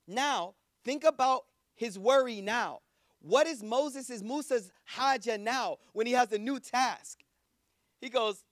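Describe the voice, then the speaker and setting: High-voiced man giving a casual sermon. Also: normal speed, no echo, studio quality. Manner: casual, conversational preaching with quoted voices. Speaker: preacher.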